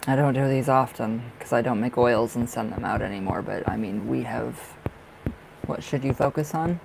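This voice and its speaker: A man doing a live tarot reading for viewers, his voice rough with a gravelly edge. He rambles and circles back on himself, leans on fillers, and speaks bluntly, swearing freely. A faint hiss sits under the voice. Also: medium pitch, a little fast. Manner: rambling, emphatic, heavy on fillers. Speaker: tarot reader.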